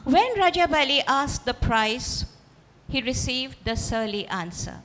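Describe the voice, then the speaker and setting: A woman reading her own fiction aloud at a literary festival, expressive and speaking directly to the audience. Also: high-pitched, a little slow, slight background noise. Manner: expressive, storytelling, addresses audience. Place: festival auditorium. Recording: reverberant hall.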